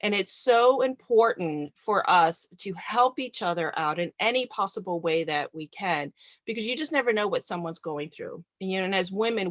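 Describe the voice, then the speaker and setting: A woman speaker talks earnestly and encouragingly as a guest in an interview. Her voice sits at an ordinary pitch and is recorded dry and close. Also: no echo. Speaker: motivational speaker.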